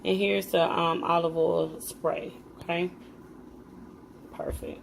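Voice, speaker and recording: A woman's voice: fairly low pitch, wildly swooping pitch, slow, gravelly, very noisy. A woman vlogger talking viewers through a home cooking tutorial in a chatty way, calling them guys and stammering now and then.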